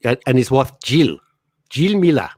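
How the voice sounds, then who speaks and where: A man's voice: medium pitch, big pitch swings, moderate pace, a little mellow, slightly rough, dry recording. Rambling middle-aged male radio host. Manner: rambling, anecdotal storyteller. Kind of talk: casual radio chat. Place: radio studio.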